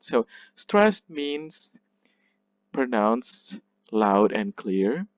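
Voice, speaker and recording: Slow, careful man giving a lecture. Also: medium pitch, lively intonation, no echo. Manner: slow, repeats words, restarts. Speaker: literature lecturer. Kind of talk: classroom lecture. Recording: muffled dry recording.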